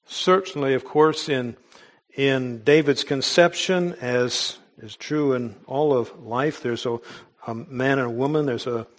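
A man's voice: mid-range voice, unhurried. Earnest male preacher. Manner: earnest, emphatic preaching with small restarts. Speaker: pastor. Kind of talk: sermon.

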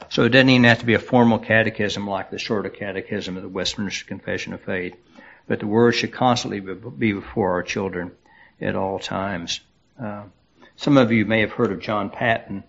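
A man preaching a sermon as pastor, unhurried and halting, with many fillers and restarts. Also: on the low side, fairly even intonation, gravelly, a bit bright, muffled recording.

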